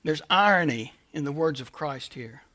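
A male pastor preaching a sermon, emphatic and repetitive, swinging between loud declarations and quiet asides. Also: on the high side, lively intonation, normal speed.

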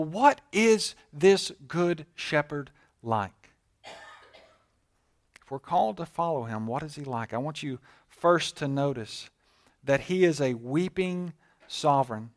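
High-voiced man preaching a sermon. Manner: swings from hushed to loud and emphatic, slows on key words. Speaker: pastor. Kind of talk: sermon with scripture reading.

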